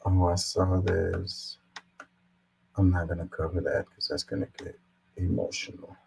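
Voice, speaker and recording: Casual male commentary host, lowish voice, sarcastic. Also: measured pace, gravelly, slight background noise, rough recording. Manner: sarcastic, animated when mocking.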